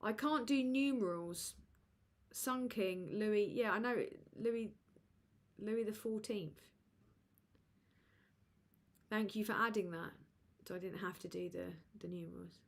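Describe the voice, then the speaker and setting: A woman hosting a live chat with viewers, rambling and halting with many fillers, tired and low. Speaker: livestream host.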